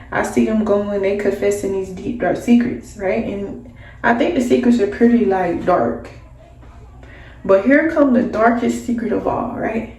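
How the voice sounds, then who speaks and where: A woman's voice: mid-range voice, vocal fry. A woman telling a story in a casual, slangy way, acting out the voices of the people in it. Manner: animated, slangy, acts out voices. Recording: echoey room, mic at a distance, faint background hum.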